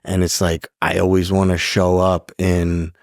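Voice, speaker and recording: A man in his forties with a thick New York accent and a very low voice. He talks in a loose, streetwise way, tossing in "bro" and "dude" all the time. The sound is close and dry. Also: monotone, unhurried, no echo. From New York City. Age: 40s. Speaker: podcast guest. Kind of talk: casual chat.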